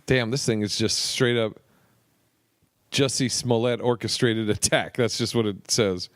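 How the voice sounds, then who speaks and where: Rambling man on a podcast, smooth voice. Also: mid-range voice, fairly even intonation, a little slow, fairly bright tone, no room sound, studio quality. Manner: rambling with many fillers and profanity. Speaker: podcast co-host. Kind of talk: casual chat.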